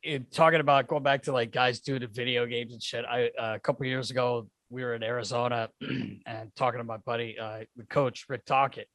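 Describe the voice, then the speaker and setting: A man's voice: mid-range voice, flat delivery, a little fast, a bit bright, no echo. A middle-aged man co-hosting a podcast, telling hockey road stories in a boisterous, laughing way and swearing often. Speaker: podcast co-host, former hockey player. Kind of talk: casual storytelling chat.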